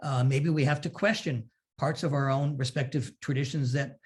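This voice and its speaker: A rabbi speaking in a conversational interview, explaining scripture thoughtfully and telling stories with animation and frequent laughter. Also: male voice, mid-range voice, steady tone, moderate pace, darkish tone.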